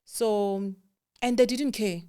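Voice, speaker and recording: A South African woman, a guest telling a personal story in a candid, animated way, voicing the people she quotes and dropping to a hush at times. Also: mid-range voice, slow pace, smooth. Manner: candid, animated quoting of others, drops to hushed tones.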